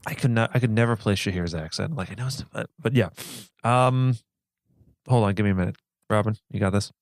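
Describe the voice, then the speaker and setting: A man's voice: on the low side, a little fast, dry recording, studio quality. A man guest on a movie podcast, stammering a little and self-deprecating, just over an illness. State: recovering from illness. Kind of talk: casual movie podcast chat.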